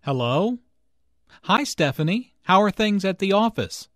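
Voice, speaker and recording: A man's voice: sits high, big pitch swings, measured pace, voice pushed up. A man voicing an apologetic caller who keeps asking the other person to repeat, in a scripted dialogue. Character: apologetic man on a bad phone call.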